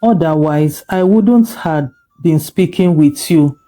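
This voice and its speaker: A gentle father recovering from illness, as a storyteller puts him on, soft and reassuring. The voice is very dark and mellow and moves slowly. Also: medium pitch, soft background music, lightly acted.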